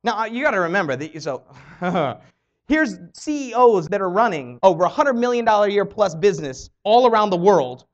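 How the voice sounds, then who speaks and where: A woman's voice: medium pitch, brisk, few pauses. A woman trainer telling a motivational story and acting out the quoted dialogue. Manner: animated, acts out quoted dialogue. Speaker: network marketing trainer. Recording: dull lo-fi audio.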